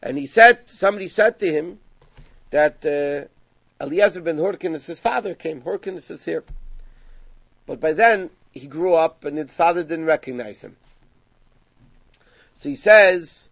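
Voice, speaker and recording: A man teaching a Talmudic story to a class, acting out the dialogue with lively emphasis. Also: a little high, a little slow, pauses often, no room sound. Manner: animated, acts out dialogue with rising emphasis. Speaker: Torah teacher. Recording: dull lo-fi sound.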